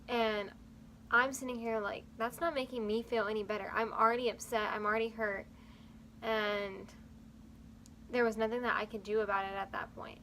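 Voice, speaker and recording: A woman's voice: on the high side, level tone, moderate pace, a bit bright, a little hiss or hum, poor audio. A young woman vlogger earnestly telling a personal story, rambling along with fillers.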